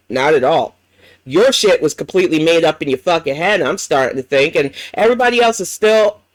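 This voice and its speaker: Heated, profane high-voiced male host. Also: dry recording, rough recording. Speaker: livestream commentary host. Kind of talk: ranting reaction commentary.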